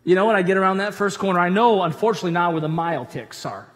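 A man, a pastor, giving a conversational sermon in a church auditorium with animated storytelling and humorous asides. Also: high-pitched, rapid-fire, long reverb tail.

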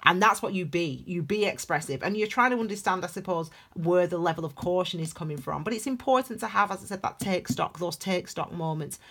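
A woman giving a casual, chatty tarot reading, breaking into animated excited bursts. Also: on the low side, fairly quick, few pauses, breathy edge. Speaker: tarot reader.

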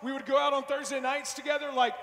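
A man giving a fervent, loud youth sermon, slangy and direct with his listeners. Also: very high-pitched, little pitch movement, fast talker. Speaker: youth speaker. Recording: echoey hall with long reverb.

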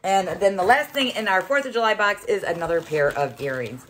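A woman's voice: medium pitch, expressive, brisk, a bit bright, slight background noise. A middle-aged woman hosting a casual unboxing vlog, chatty and exclaiming as she thinks aloud. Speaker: host.

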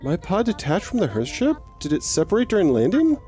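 A man's voice: sits high, huge pitch swings, a little fast, mellow, faint music behind, voice pushed up. A man voicing a small cute alien creature in a raised, jittery voice while reading game dialogue.

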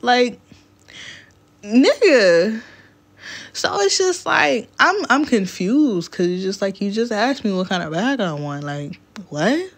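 A woman's voice: mid-range voice, sing-song, slow. A young woman vlogger telling a dating story to camera in casual chat, blunt and profane, laughing often.

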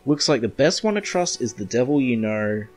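A man's voice: mid-range voice, very animated, normal speed, darkish tone, faint music behind. A man reading out the lines of a female late-night radio host, in a plain, barely voiced delivery. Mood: inviting.

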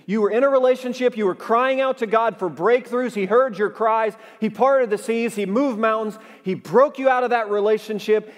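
A male pastor delivering a sermon in a lively, conversational style, often prompting the congregation to answer back. His voice sits high for a man. A long reverb tail hangs in the church around him. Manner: animated, conversational preaching with audience call-and-response. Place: church sanctuary.

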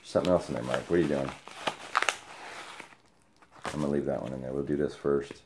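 A man opening sports card mail on camera, chatting excitedly to the friend who sent it. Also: rumbling low, fairly quick, noisy background. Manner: excited, talks to the sender directly. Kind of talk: casual unboxing vlog.

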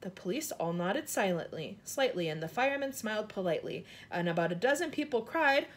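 A woman storyteller reading a children's book aloud in an expressive, animated way. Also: mid-range voice, brisk, hardly any pauses.

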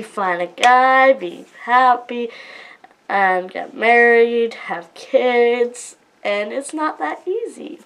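Slow, tearful young woman confiding. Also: a little high, fairly bright tone, slight background noise, low-quality recording. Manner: hesitant, halting, apologetic. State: emotional, close to tears. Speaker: vlogger. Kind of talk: personal confessional vlog. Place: at home.

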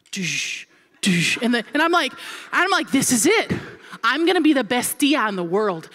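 Lively, bright-voiced woman pastor in her forties. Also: fairly high pitch. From Florida. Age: 40s. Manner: animated, comic, acts out quoted voices. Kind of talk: humorous sermon storytelling.

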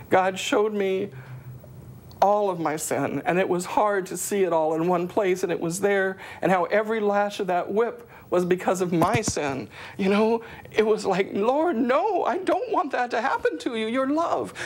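A middle-aged woman tells her conversion story in an earnest testimony. Her voice sits at an ordinary middle pitch and climbs sharply when she quotes her own prayers. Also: a little mellow. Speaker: guest giving a testimony. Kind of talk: emotional personal testimony.

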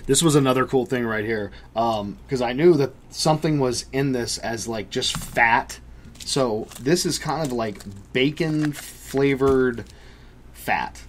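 A man's voice: medium pitch, a little slow, slight background noise. A man co-hosting a food review, talking casually and guessing aloud at what things are. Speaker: video co-host. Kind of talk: casual chat. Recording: faint room ambience.

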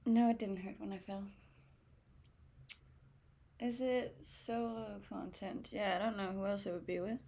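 A woman's voice: medium pitch, steady tone, measured pace, long pauses, dark tone. A young woman streamer from Denmark chatting casually and answering viewers' questions aloud. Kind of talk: casual chat reading viewer comments.

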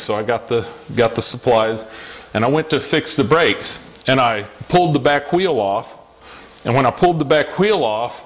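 A middle-aged man gives an earnest personal testimony sermon as a lay preacher, repeating phrases and slowing down for emphasis. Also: medium pitch, fairly bright tone.

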